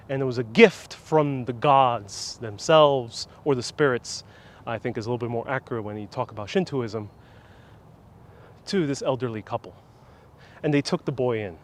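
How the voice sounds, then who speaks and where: A man hosting an outdoor tour, retelling a folk legend in a lively, casual way, recorded outdoors on a small wireless clip-on mic. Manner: lively, casual retelling with pitch swings and fillers. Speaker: tour guide host. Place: outdoor sculpture park.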